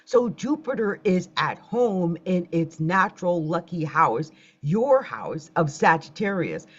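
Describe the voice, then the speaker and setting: A woman's voice: fairly low pitch, animated, slow pace, breathy edge. A woman hosting a casual astrology livestream, chatting straight to her viewers. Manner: chatty, talks straight to viewers, gets flustered by tech trouble. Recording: dull lo-fi livestream audio.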